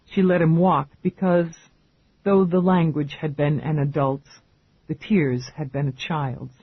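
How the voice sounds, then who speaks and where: A man narrating an audiobook in a measured, even storytelling manner. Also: a little high, slightly rough, dry recording. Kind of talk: scripted narration. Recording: tinny phone-like band, dry.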